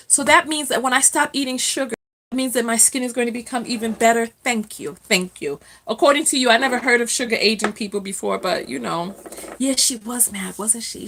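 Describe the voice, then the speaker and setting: A woman's voice: a little high, fairly bright tone, a little hiss or hum. A woman hosting a casual live stream from home, chatting with viewers, reading their comments aloud and laughing often.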